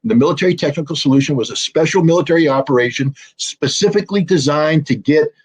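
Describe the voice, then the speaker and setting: A man's voice: on the high side, fast, slightly rough. A man giving commentary as an interview guest, hesitant with fillers at times and emphatic at others. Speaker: guest analyst.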